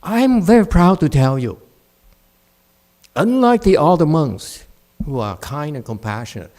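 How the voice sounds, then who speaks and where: Blunt, scolding monk with lively pitch. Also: male voice, a little slow. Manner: blunt, scolding and mocking, with laughs. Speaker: Buddhist monk teaching a meditation class. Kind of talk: dharma talk. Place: meditation center.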